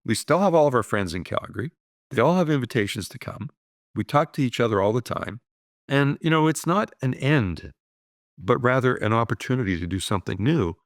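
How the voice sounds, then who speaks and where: A man in his sixties, a guest telling upbeat stories of his life in a relaxed conversational way, often adding "you know" and "right?". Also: medium pitch, a little fast, no room sound, studio quality. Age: 60s. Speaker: guest, business owner. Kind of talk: reflective conversational storytelling.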